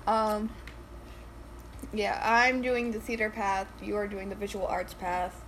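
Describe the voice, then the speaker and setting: A teenage girl co-hosting a casual podcast, loud, teasing and quick to laugh. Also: medium pitch, little pitch movement, slight background noise, low-quality recording. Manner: giggly, loud, quick to tease. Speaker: podcast co-host. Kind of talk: casual chat.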